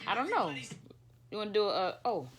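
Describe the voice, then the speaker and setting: A woman's voice: mid-range voice, very animated, moderate pace, fairly bright tone, faint music behind. A young woman in a casual home video, playfully coaxing her baby to make animal noises and laughing often. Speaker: vlogger playing with her baby. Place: home room.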